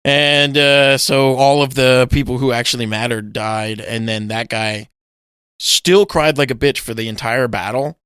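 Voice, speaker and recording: A man co-hosting a podcast, chatting casually and swearing a lot as he retells movie scenes with yelled bits. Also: medium pitch, measured pace, clean tone, no room sound, studio quality. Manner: animated storytelling, swearing, loud acted-out yells. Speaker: podcast co-host. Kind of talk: casual chat.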